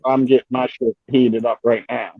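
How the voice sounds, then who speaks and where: A man's voice: medium pitch, level tone, moderate pace, dry recording, narrow, tinny audio. Rambling man, dry close sound. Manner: rambling, hesitant, profane. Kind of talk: casual livestream chat.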